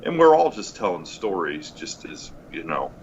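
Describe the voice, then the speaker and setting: Podcast host guy, low but bright, voice all over the place, laughs a lot, kinda muffled. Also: moderate pace. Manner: laughs often, lively, encouraging. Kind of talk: casual chat. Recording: lo-fi with faint noise.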